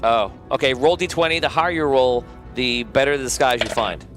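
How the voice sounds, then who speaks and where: A man's voice: mid-range voice, fairly quick, over music. A man acting as game master, narrating a tabletop game in a loose, amused way and laughing often.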